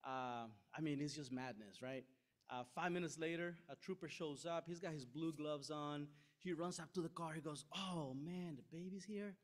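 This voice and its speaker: A middle-aged man preaching a sermon, telling a story with lively asides and frequent "right?" checks to the room. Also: on the high side, normal speed, slight background noise. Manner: animated, self-deprecating anecdote with frequent "right?" asides. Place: church sanctuary.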